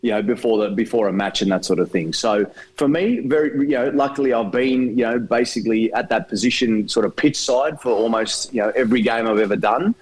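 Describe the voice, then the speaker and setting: A man with a mid-pitched, ordinary male voice, chatting as a podcast guest. He rambles and restarts, padding his sentences with "you know" and "look". It sounds loose and conversational rather than scripted. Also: brisk, few pauses, breathy edge, rough recording. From Australia. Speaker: guest, stadium announcer. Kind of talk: casual podcast interview.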